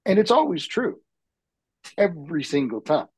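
Man, husky tone, earnest heartfelt storytelling, dry close sound, dull lo-fi recording. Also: fairly high pitch, big pitch swings, a little mellow, no room sound. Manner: reflective, heartfelt, slow-building. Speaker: podcast guest, men's retreat facilitator.

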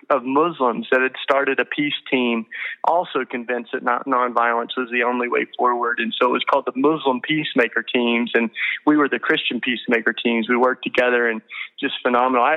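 Guy on a podcast telling heartfelt stories, lots of ums and restarts, kinda muffled lo-fi audio. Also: mid-range voice. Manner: earnest, emotional, frequent fillers and restarts. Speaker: guest. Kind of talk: storytelling interview talk.

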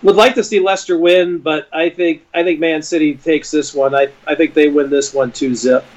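A man co-hosting a casual football prediction chat, measured and using fillers. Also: fairly high pitch, steady tone. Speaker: podcast co-host. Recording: dull lo-fi sound.

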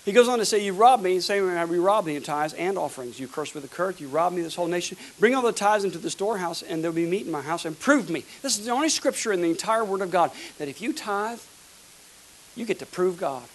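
A pastor from the United States, preaching a fervent sermon with emphatic repeated words. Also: male voice, high voice, animated, fast talker, slight background noise, poor audio.

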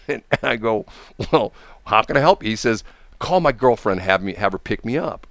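Man, casual storyteller, lively swooping pitch, dry close sound. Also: moderate pace, no echo. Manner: animated, acts out quoted people.

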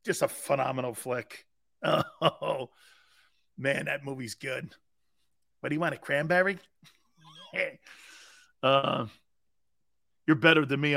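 A middle-aged man hosting a sports talk show, rambling loudly with frequent laughs between topics. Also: on the high side, vocal fry, no echo, clean studio sound. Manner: loud, laughing, rambling banter. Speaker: sports radio host.

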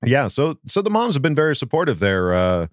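A man hosting a casual podcast, talking fast and loose with plenty of fillers. His pitch moves about in a lively way, and the close mic sounds dry and dead. He rolls easily from chatter into listener questions. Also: dry recording. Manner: quick, loose talk with many fillers. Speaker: podcast host.

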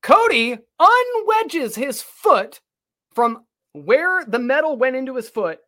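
A man telling a story in casual chat, animated, swearing freely and acting out what people said. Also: extremely high pitch, takes it slowly. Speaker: podcast guest telling a story.

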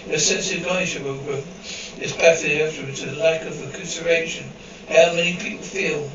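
A man's voice: on the high side, fairly even intonation, brisk, roomy sound, distant mic, muffled recording, noisy background. A man reading an episode script aloud, voicing the dialogue and the sound cues in the same evenly paced voice. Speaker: script reader.

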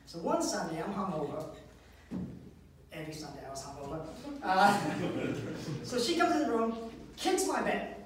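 A male comedian tells stories on stage with a lively delivery. His voice sits high and bounces up and down as he talks. It is caught by a distant mic and echoes strongly around the room. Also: normal speed, long pauses, background noise. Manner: animated storytelling with voices. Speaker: stand-up comedian. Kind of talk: stand-up comedy set. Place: live comedy venue.

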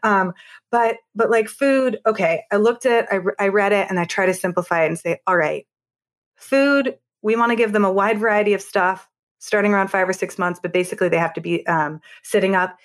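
A woman in her thirties speaks as a podcast guest, earnest and reassuring. She talks in a conversational way, breaking off into quick asides and restarting her sentences. Her pitch sits in an ordinary middle range. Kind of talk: conversational interview.

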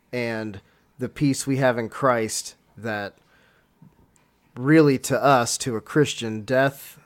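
A man in casual religious discussion, reflective and searching for words. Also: mid-range voice.

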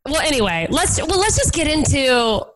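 Lively, chatty woman podcast host. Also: high voice, moderate pace, poor audio. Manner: chatty, laughs often, swears casually. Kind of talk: casual chat.

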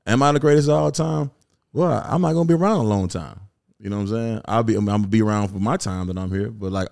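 A man's voice: fairly low pitch, creaky, darkish tone. A middle-aged man from Memphis with a Southern accent, chatting casually as an interview guest and rambling with lots of "you know what I'm saying.". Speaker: guest rapper and producer.

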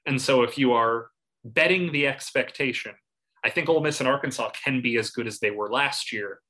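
A man co-hosting a casual sports podcast, breaking down a football season. His voice is bright and forceful at a middle pitch. He talks analytically with a wry edge and laughs now and then. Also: brisk, rough recording.

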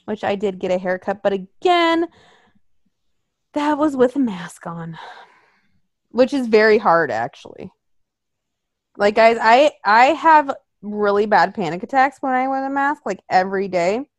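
A woman's voice: mid-range voice, measured pace, long pauses, no echo. Young woman ranting in casual chat, swears a lot, bouncy voice up and down, dry sound. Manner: animated, swearing, acts out quotes in voices.

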